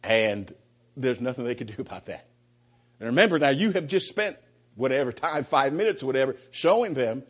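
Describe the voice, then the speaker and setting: A man's voice: medium pitch, expressive, a little fast, breathy edge, lo-fi sound. A man teaching the Bible in a conversational sermon style, often repeating words and acting out both sides of an exchange. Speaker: preacher.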